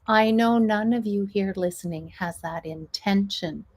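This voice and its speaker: A woman host and coach speaks slowly and calmly, unhurried in her pacing. She explains points patiently and often checks in with her listener, her pitch at an ordinary middle level. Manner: calm, explanatory, ends points with "right?". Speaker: podcast host, stress management coach. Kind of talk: coaching talk.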